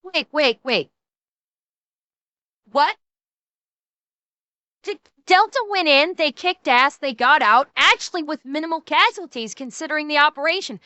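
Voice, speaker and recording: A woman streamer in casual, animated chat, rambling and profane, correcting herself often. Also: sits high, unhurried, pauses often, no room sound.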